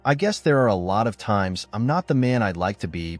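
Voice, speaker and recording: A male narrator tells a first-person story briskly with hardly any pauses, his low voice swinging lively in pitch. He voices the husband's lines bluntly, angry and sarcastic, over faint background music.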